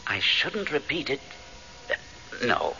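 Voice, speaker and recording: A man's voice: mid-range voice, big pitch swings, slow, pushed and bright, full character voice. An actor playing a sly male ghost who teases and hints, in 1970s radio drama acting. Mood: coy. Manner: coy, insinuating. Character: sly male ghost, Paul's friend, teasing. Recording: dull vintage radio broadcast with faint hiss.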